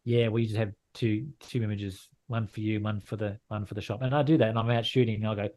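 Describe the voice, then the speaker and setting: Blunt, low-voiced Australian man. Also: fairly even intonation, fast talker, few pauses, darkish tone. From Western Australia. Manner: blunt, frank, repeats and restarts phrases. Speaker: landscape photographer and gallery owner. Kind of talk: casual interview conversation.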